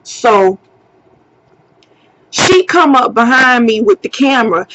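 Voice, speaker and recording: A woman tells a heated personal story straight to her camera, unhurried and fairly high-voiced. She swears freely and acts out her own shouting. The sound is dull and lo-fi. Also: expressive. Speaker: vlogger. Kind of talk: storytime vlog.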